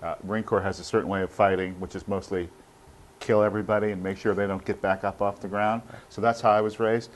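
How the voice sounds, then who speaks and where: A man's voice: fairly low pitch, flat delivery, quick pace. A man speaking as a guest on a political panel show, blunt and emphatic in his opinions.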